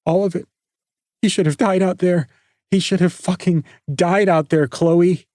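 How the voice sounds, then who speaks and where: Brief: male narrator voicing a hysterical teenage girl, shrieking rage, husky strained tone. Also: takes it slowly, a little mellow, no room sound, clean studio sound. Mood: furious screaming. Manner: screaming, high-pitched, spitting rage.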